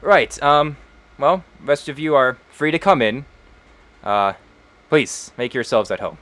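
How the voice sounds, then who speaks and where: A man voicing Halgrim, a hesitant male host who talks in halting starts. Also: mid-range voice, animated, fairly bright tone, pitched above the performer's own voice.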